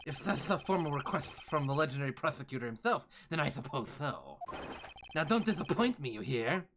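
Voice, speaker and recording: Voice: mid-range voice, big pitch swings, fairly quick, noisy background. A streamer putting on a smug lisping prosecutor. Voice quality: lisp. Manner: condescending, formal. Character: smug, rude male prosecutor with a lisp. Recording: music playing behind the voice.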